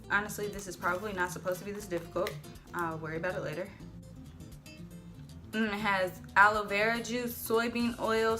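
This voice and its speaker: A woman vlogging at home as she unboxes hair products, chatty and gushing with excitement. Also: mid-range voice. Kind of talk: casual unboxing vlog. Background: faint background music.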